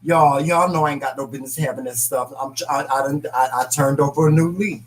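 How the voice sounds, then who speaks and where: A man's voice: mid-range voice, a little fast, slight background noise, rough recording. A man co-hosting a casual live-stream talk show, reading comments and laughing as he talks. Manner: animated, laughing, reads viewer comments aloud.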